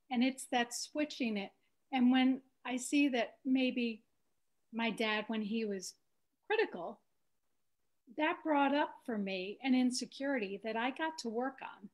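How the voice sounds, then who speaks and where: A woman talking in a calm, earnest, thoughtful way during a reflective podcast conversation. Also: a little high.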